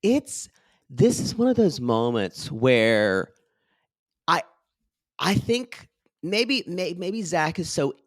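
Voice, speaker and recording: A man co-hosting a podcast, recapping a reality show in a gossipy, sarcastic, animated way. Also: on the high side, takes it slowly, pauses often, no echo, studio quality. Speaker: podcast co-host. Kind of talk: casual recap chat.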